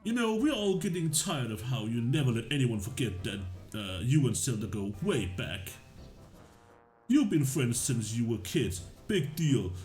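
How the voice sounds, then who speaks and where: A swaggering young bully sneers and taunts, as a man reads him out. The voice sits at a middle pitch. Faint game music plays underneath. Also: big pitch swings, measured pace, darkish tone. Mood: taunting. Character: cocky young male bully student.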